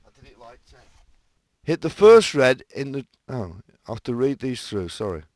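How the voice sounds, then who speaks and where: A man's voice: mid-range voice, big pitch swings, normal speed, a little mellow. A man recording snooker commentary lines, chatty and self-mocking, with frequent laughing asides. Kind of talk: jokey commentary voice-over session.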